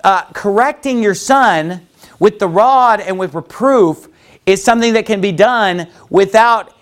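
A man's voice: high-pitched, a little slow. A man preaching a sermon as a pastor, emphatic and conversational, with frequent "you know" asides.

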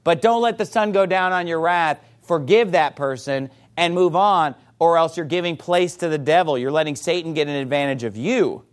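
A pastor preaching a sermon to a congregation, forceful and emphatic, with rhetorical questions. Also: male voice, on the high side, normal speed, few pauses.

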